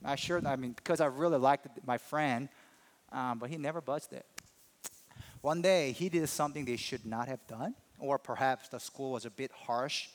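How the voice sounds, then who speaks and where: A man preaching a sermon as a pastor, telling a personal story in an animated, emphatic way. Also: medium pitch, moderate pace.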